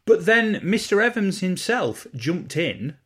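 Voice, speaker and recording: A man's voice: high voice, very animated, unhurried, a bit bright, slightly rough. A man co-hosting a podcast, chatting casually and reading out listener messages. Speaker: podcast co-host. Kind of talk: casual chat.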